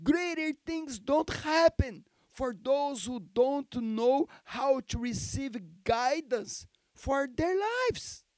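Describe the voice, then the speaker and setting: A man's voice: very high voice, slow pace, no echo. A male pastor with Portuguese as his first language, preaching an emphatic sermon in English, repeating key phrases and calling for amens. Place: church.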